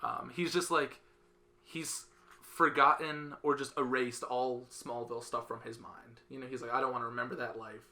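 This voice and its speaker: Male podcast host, bright tone, animated storyteller. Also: moderate pace. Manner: animated storyteller, acts out characters with loud high voices. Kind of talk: casual podcast chat.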